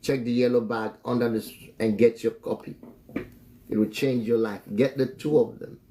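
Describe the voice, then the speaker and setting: A man's voice: medium pitch, steady tone, normal speed, dark tone. A man teaching about marriage on a live stream in a preachy way. He repeats phrases and chuckles often between remarks. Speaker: relationship teacher and author.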